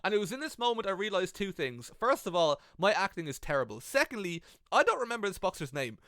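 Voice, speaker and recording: A young Irish man giving comedic, sweary advice about wrestling commentary in an animated vlog, speaking into a gaming headset. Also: high-pitched, fast talker, no echo, clean studio sound. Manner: animated, sweary, self-mocking.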